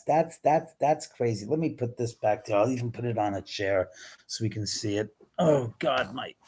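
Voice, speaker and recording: A man's voice: medium pitch, a little mellow, breathy edge. A man hosting a casual livestream from his home, chatting with viewers, exclaiming and swearing freely. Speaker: livestream host. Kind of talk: casual live-stream chat, answering viewers.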